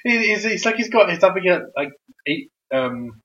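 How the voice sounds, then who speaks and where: A man on a casual wrestling podcast talks with animated energy, his voice sitting a little high. He swears freely and keeps breaking into loud impressions of wrestlers. The recording is dull and lo-fi. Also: moderate pace. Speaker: podcast co-host. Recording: dull lo-fi sound.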